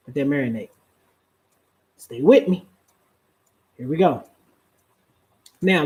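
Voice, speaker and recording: A woman's voice: rumbling low, a little mellow. Preachy woman giving relationship advice. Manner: preachy, drawls key phrases, asks rhetorical questions. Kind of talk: live-streamed talk.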